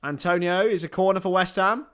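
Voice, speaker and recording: A young man hosting a live football watchalong, joking with banter between bursts of excited play-by-play calls. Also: high-pitched, brisk, smooth. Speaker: host.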